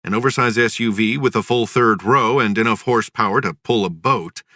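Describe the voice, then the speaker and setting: Guy reading an audiobook, lowish voice, bright and sharp tone, matter of fact. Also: a little fast, no room sound, clean studio sound. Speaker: audiobook narrator. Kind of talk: first-person audiobook narration.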